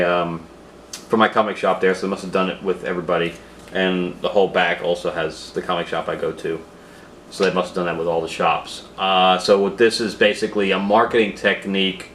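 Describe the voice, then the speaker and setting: A man's voice: fairly low pitch, fairly bright tone, reverberant, a little hiss or hum. Man rambling through a comic review. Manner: rambling, lots of filler sounds and restarts. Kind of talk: casual spoken review.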